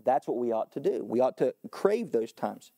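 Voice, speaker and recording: A man preaching a sermon as pastor, earnest, climbing to emphatic high points and falling back low, often repeating and restarting words. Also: big pitch swings, moderate pace, warm tone. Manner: earnest, rising to emphatic peaks then dropping low.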